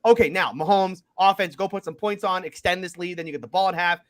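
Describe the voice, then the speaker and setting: Man, sports co-host; excitable, rapid, high and lively delivery. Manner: excitable, animated storyteller. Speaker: podcast co-host. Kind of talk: casual sports chat.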